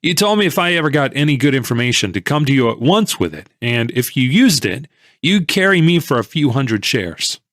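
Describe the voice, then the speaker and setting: A man voicing an excited, pushy male stock tipster in an audiobook, insistent and raising his voice. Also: mid-range voice, fairly quick, no echo, studio quality. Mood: eager, insistent. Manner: insistent, eager, raised voice. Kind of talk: audiobook character reading.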